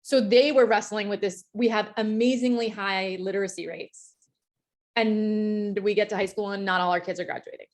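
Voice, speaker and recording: A woman's voice: mid-range voice, steady tone, moderate pace. Middle-aged woman educator from the US, mid-range voice, candid and reflective workshop presenter, loose with fillers. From United States. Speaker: world language teacher presenting a workshop. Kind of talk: conference workshop talk.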